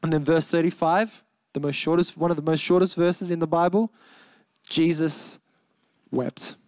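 A young adult man with an Australian accent, preaching a sermon in an earnest, emphatic way, slowing and softening on key words. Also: on the high side, steady tone, no room sound. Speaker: pastor.

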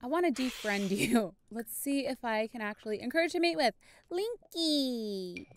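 Woman gaming, super bouncy and high-pitched, chatting at her pets on screen. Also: normal speed. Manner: bubbly, excitable, talks to her game characters. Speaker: gaming video host. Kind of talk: casual gameplay commentary.

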